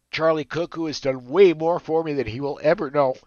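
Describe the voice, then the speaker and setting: A man's voice: on the high side, a little mellow, dry recording, lo-fi sound. Choked-up man hosting a podcast farewell. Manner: halting, many filler "uh"s. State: choked up, emotional. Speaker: podcast host. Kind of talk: emotional farewell chat.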